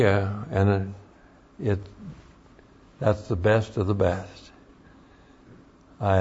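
Man, pastor teaching a Bible class, slow deliberate delivery, emphatic, dull lo-fi sound. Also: lowish voice, a little mellow. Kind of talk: sermon-style Bible teaching.

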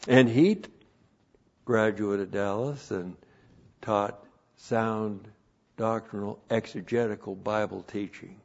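A man preaching a sermon and teaching the Bible as a pastor, repeating phrases and rising loud to stress a point. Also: lowish voice, steady tone, takes it slowly, vocal fry, long pauses. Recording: dull lo-fi recording.

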